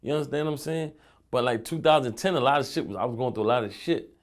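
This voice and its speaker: A young rapper from Philadelphia talks fast at a medium pitch while being interviewed. His casual, streetwise storytelling is full of profanity and "you know what I'm saying."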